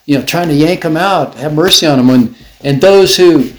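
A man's voice: fairly high pitch, normal speed. A man leading a casual church group discussion, talking informally with many fillers and restarts. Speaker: Bible study leader. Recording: echoey room, faint background noise.

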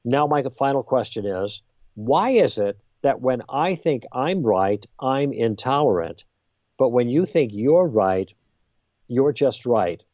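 A man guest on a podcast, explaining ideas in a lively conversational way and acting out exchanges. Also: medium pitch, slow pace, dry recording, muffled recording. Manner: lively, role-plays exchanges with emphasis. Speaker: guest author.

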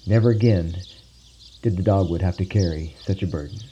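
A man narrating a legend in a measured, solemn storytelling manner, on a dull lo-fi recording with faint birdsong behind. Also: low-pitched, dark tone, a little hiss or hum.

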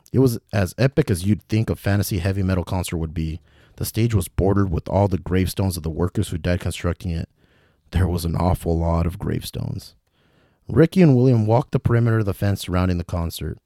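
A man narrating a comedic fantasy story in a deadpan way. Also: sits low, dry recording, studio quality. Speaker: podcast storyteller.

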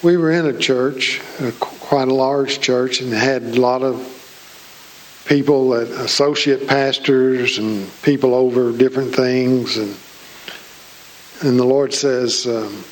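A man's voice: medium pitch, fairly even intonation, slow pace, slight background noise, low-quality recording. A man preaching a sermon in church, folksy and joking with his congregation. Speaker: pastor.

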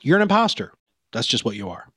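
Casting note: mid-pitched male podcast co-host, blunt and emphatic, dry recording. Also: sing-song, quick pace, fairly bright tone, slightly rough, no room sound. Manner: blunt, emphatic, lecturing the listener. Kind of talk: casual podcast conversation.

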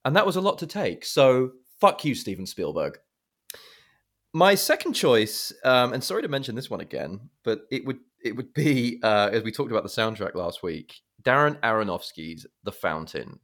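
A man's voice: mid-range voice, big pitch swings, normal speed, fairly bright tone. A man hosting a film podcast, chatting casually and animatedly, swearing freely and poking fun at himself. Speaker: podcast host.

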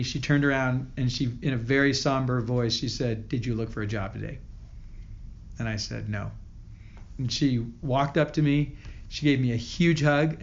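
A man guest on a podcast telling a personal story in an earnest way, often stopping and restarting his sentences. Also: medium pitch. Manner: earnest, halting with many restarts. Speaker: podcast guest, company founder. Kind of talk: storytelling interview. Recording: dull lo-fi audio.

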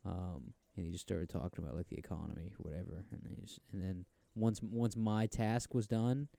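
A man's voice: sits low, steady tone, normal speed, vocal fry, warm tone, dry recording. A man co-hosting a casual podcast, rambling and swearing with frequent stammered restarts. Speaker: podcast co-host. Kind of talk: casual chat. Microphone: headphones and laptop setup.

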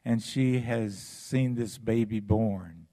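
A man preaching a sermon as pastor, with dramatic swings between loud passages and hushed ones. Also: on the low side, takes it slowly.

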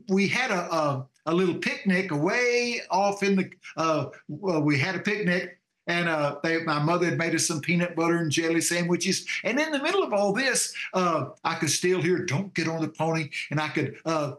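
Older texan guy telling a story, high pitched and bright, roomy echo, lots of uhs. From Texas. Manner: animated storyteller, acts out voices, many uh fillers. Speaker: show co-host. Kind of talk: personal storytelling on a call-in show.

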